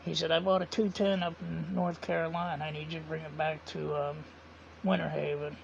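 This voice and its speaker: Here the vlogger's gravelly voice sits a little high, his delivery flat and slightly quick. He wanders casually through a personal tale, quoting every conversation with "he said" and "I said," and the lo-fi audio is dull with a faint hiss or hum.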